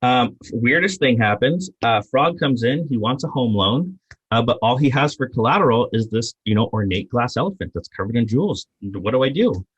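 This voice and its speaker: A man's voice: medium pitch, lively intonation, normal speed, slightly rough, no echo. A man putting on a cheerful, helpful female bank loan officer while telling a joke, on a dull, lo-fi recording.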